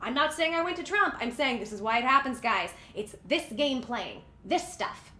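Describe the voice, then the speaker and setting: A woman rants in a heated, sarcastic way, firing back at every quote she reads. Her voice is high-pitched, bright and sharp. The room around her has a clear echo. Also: expressive, moderate pace, few pauses. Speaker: political commentary vlogger. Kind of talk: heated casual commentary.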